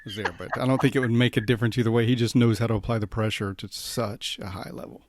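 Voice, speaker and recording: A man hosting a podcast in relaxed, casual chat, often restarting his sentences. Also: on the low side, fast talker, dry recording, studio quality. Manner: relaxed, conversational, many restarts. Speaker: podcast host.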